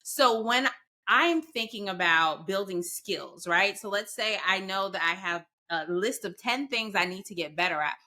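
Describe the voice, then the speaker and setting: Woman, bright voice, podcast host, earnest and affirming, long running sentences. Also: mid-range voice, animated. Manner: earnest and affirming, talks quickly in long run-on thoughts. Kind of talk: podcast interview.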